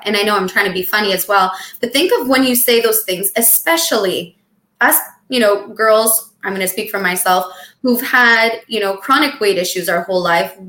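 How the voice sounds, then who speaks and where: Woman, podcast co-host, casual chat, expressive, jokey, mid pitch, echoey room. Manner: chatty and expressive, jokey, acts out dramatic quotes. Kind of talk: casual chat about weight loss.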